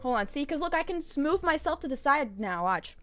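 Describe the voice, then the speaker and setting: A young woman chatting casually on a live stream, chaotic and jokey, with quick swings of mood. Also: high-pitched, very animated, a bit bright, soft background music.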